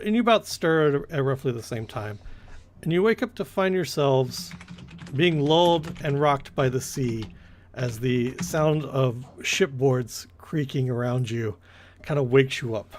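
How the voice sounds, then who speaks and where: A man's voice: medium pitch, animated, a little slow, slight background noise. A man running a tabletop game as game master, narrating loosely and correcting himself as he goes. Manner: rambling, corrects himself often.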